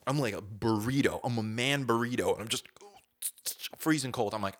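A man in his thirties telling a comic story in a casual, animated way, acting out groans and quoted lines and saying "dude" a lot. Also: mid-range voice, fairly quick.

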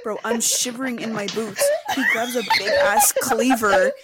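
A young woman telling a story in casual chat, animated and full of swearing. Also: on the high side, normal speed. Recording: loud background noise.

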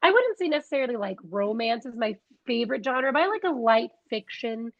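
Chatty young woman, husky higher voice. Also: very animated, no echo, dull audio. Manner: chatty, laughs often, quick asides. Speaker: podcast co-host. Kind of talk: casual chat.

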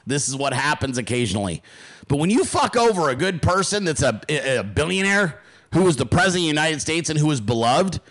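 A male podcast host ranting hard, his voice sitting a little higher than most men's. He swears freely and hammers his points through repetition, sounding heated and fully committed. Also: sing-song, fairly quick, fairly bright tone. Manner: heated, profane, emphatic. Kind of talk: angry political rant.

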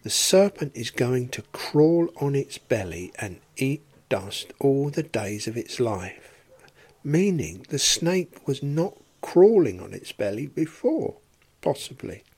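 Slow, measured man teaching scripture. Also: medium pitch, sing-song, darkish tone, slightly rough. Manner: measured, explanatory, rhetorical questions. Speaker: Bible teacher. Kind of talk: solo Bible study podcast.

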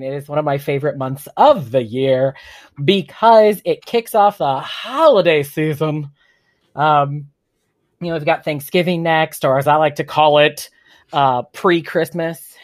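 A man's voice: on the high side, normal speed, no room sound, studio quality. A man hosting his own podcast, talking alone in a chatty, campy way and laughing at himself. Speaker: podcast host. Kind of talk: solo podcast monologue.

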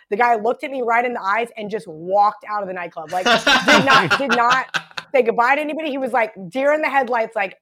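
A woman's voice: mid-range voice, animated, a little fast, a bit bright. A woman in her thirties, a podcast guest, telling a long story in casual chat, full of "like" and "right?". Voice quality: chatty, lots of "like" and "right?".

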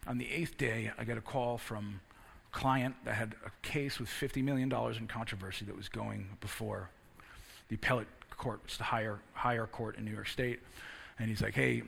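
Male preacher, gravelly and husky, personal testimony rising to emphatic sermon delivery. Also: on the low side, steady tone, normal speed. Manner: personal story building to loud, emphatic preaching.

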